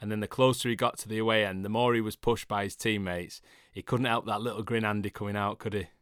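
A man's voice: lowish voice, fairly even intonation, fast, fairly bright tone, clean tone, dry recording, clean studio sound. A man hosting a football podcast in casual chat, teasing his guests jovially and steering the conversation. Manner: teasing, jovial, leads the talk. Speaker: podcast host.

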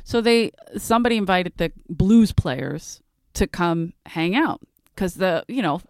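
A woman, swapping stories in a loose, animated chat. Her voice is smooth and clear, recorded dry and close with no room sound. She laughs a lot and puts on the voices of the people she quotes. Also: lowish voice, measured pace, no room sound. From South Philadelphia. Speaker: comedy podcast host. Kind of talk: casual storytelling chat.

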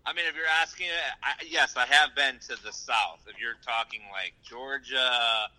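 A man co-hosting a podcast, chatting in an animated, joking way. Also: medium pitch, normal speed, rough recording. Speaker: podcast co-host. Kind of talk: casual chat.

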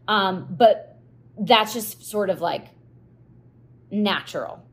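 Speaking slowly in a mid-range voice, a woman hosts her own podcast as a casual solo chat. It's filler-heavy, packed with "like" and restarts. Partway through she gets teary, then laughs at herself.

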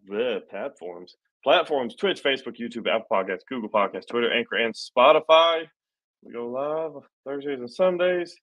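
A man's voice: mid-range voice, fairly bright tone, lo-fi sound. A man hosting a casual podcast, rambling with frequent restarts, swearing and poking fun at himself. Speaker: podcast host.

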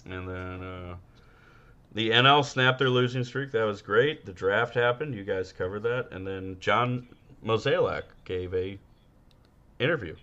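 A man's voice: lowish voice, unhurried, sharp tone, highs cut off. A man co-hosting a podcast, chatting crudely and rambling with many fillers. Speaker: podcast co-host. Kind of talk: casual comedic chat.

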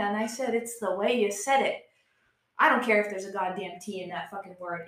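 A young woman, chatting casually as a podcast co-host and telling animated stories with frequent laughs. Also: mid-range voice, fairly quick, echoey room. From West Virginia. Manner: laughs often, animated storytelling. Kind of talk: casual chat.

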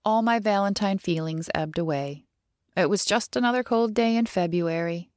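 A woman reading a first-person audiobook story in a measured, wry storytelling manner, close to the mic. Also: medium pitch, darkish tone, no room sound. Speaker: audiobook narrator.

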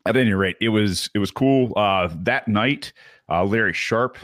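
Low-voiced man recapping casually. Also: normal speed, fairly bright tone, dry recording, clean studio sound. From Michigan. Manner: candid, rambling storytelling. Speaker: podcast host.

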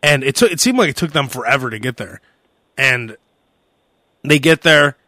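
Animated, bright-voiced young man telling a story. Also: mid-range voice, moderate pace, dry recording, clean studio sound. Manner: animated storyteller who acts out shouted quotes. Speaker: podcast host. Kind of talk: casual podcast chat.

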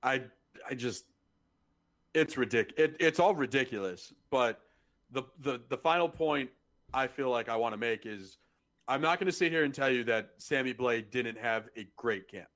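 A man's voice: mid-range voice, normal speed, fairly bright tone. A man co-hosting a sports podcast, talking casually and growing exasperated, often repeating himself when worked up. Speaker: podcast co-host.

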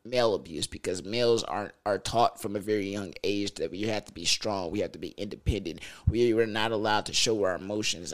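A young man telling a story casually and profanely, acting out the voices he quotes. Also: on the low side. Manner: animated, loose and profane, acts out quoted voices.

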